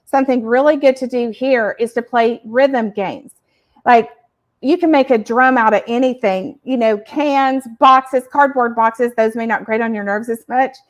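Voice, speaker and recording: A woman hosts a podcast for parents and explains each point with energy and emphasis. Her voice sits slightly high, and she sometimes acts out short examples. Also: unhurried. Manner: animated, emphatic, uses acted examples. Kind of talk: educational explaining.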